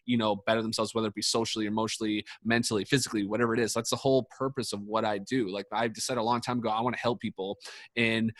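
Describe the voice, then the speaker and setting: A man's voice: fairly low pitch, little pitch movement, rapid-fire, a bit bright, no room sound, studio quality. A man telling a long story in a casual podcast chat, rambling and swearing, full of fillers and restarts. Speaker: podcast speaker, sports coach.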